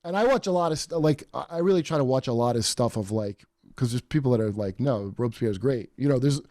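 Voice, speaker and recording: A man hosting a podcast in casual chat, rambling and animated with many fillers and restarts. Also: medium pitch, quick pace, dry recording, clean studio sound. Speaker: podcast host.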